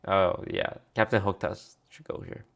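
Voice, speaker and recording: This card review comes from a man whose voice is low and gravelly, streaming in a relaxed, rambling way. He reads each card's text, throws quick remarks to viewers between them, and keeps a measured pace, fairly even intonation, and a fairly bright tone.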